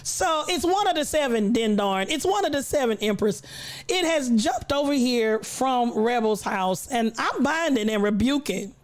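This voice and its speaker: A woman's voice: fairly high pitch, lively intonation, normal speed. A woman hosting a casual livestream, greeting viewers from the chat with a playful, preacher-like cadence and frequent laughter, her voice a little worn from recently losing it. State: recovering voice, coughing. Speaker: livestream host.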